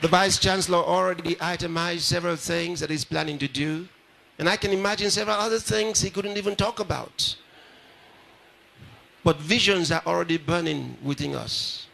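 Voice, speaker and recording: A man's voice: sits high, moderate pace, gravelly, sharp tone. A pastor addressing a live audience at a ceremony, repeating his phrases and putting questions straight to the crowd. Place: large ceremony hall.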